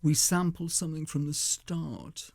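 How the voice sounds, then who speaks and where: Gravelly-voiced older man. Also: a little high, measured pace, darkish tone, dry recording. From England. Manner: chatty storyteller, laughs often. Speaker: radio guest, musician. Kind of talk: anecdotal radio conversation.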